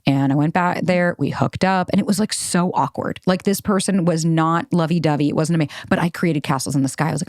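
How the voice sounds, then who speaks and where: A woman's voice: sits low, normal speed, a little mellow, dry recording, clean studio sound. A woman in her thirties hosting a solo podcast, telling a personal story in a candid, casual way, peppered with "like" and swearing. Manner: candid, casual, swears freely, heavy use of "like". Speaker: podcast host.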